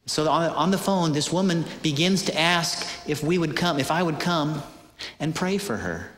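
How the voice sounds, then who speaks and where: Animated preacher in an echoey hall. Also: male voice, a little high, normal speed, slight background noise. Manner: animated storytelling with hesitant fillers. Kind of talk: sermon. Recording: echoey hall with long reverb.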